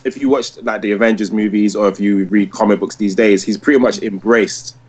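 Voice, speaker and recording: A man's voice: on the low side, steady tone, a little fast, a little mellow, breathy edge. A man in his thirties, chatting casually as a podcast co-host and telling long, rambling stories full of "like". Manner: rambling storyteller, heavy use of "like". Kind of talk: casual chat.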